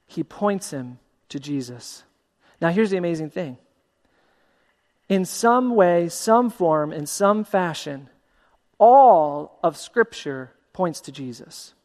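Pastor, male, high voice, lively sermon delivery with a long hall echo. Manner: animated, acts out voices of story characters.

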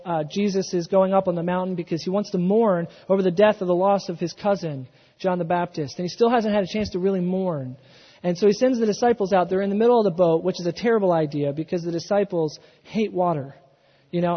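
A man's voice: high voice, husky. A man preaching a sermon off his notes, restarting phrases and building emphasis as he goes. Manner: unscripted, restarts, rising emphatic delivery. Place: church. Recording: dull, echoing church hall.

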